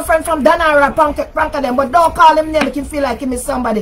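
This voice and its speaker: An older woman with a Jamaican accent, hosting a livestream rant in which she scolds and insults someone over and over, sometimes shouting. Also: high-pitched, fast, few pauses, slight background noise. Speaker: talk show host.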